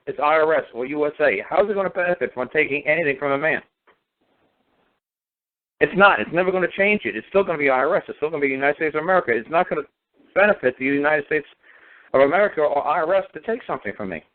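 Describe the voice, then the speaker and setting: A man's voice: a little high, lively intonation, fast. A man speaking as a guest on a call-in talk show, ranting emphatically and repeating himself. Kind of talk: casual phone-in talk. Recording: tinny phone line.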